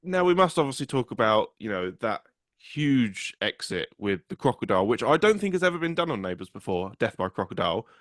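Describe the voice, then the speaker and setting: A man's voice: mid-range voice, sing-song, a little fast, fairly bright tone, no echo, clean studio sound. A man hosting an interview, asking long, meandering questions in a friendly way. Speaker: interview host. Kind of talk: video interview.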